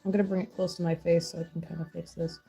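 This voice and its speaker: A woman's voice: on the low side, flat delivery, rapid-fire, gravelly, dark tone, soft background music. A woman in her thirties chatting casually while crafting on a stream, rambling and laughing often.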